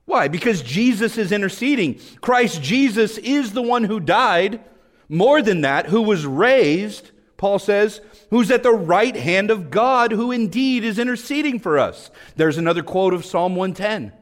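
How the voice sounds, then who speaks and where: A man preaching a sermon fervently, rising to emphatic peaks and dropping to hushed low passages. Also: lively intonation, a little slow. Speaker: pastor. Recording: long hall reverb.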